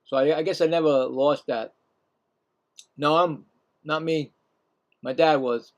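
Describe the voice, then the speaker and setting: A man with a Brooklyn accent hosting a casual live play-by-play stream, chatting and rambling between pitches. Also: fairly even intonation, a little slow. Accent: Brooklyn New York.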